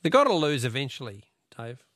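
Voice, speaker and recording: A man's voice: mid-range voice, sing-song, fairly quick, fairly bright tone, no echo, clean studio sound. A middle-aged Australian man hosting a talkback radio quiz, chatty and joking with callers. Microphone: studio microphone.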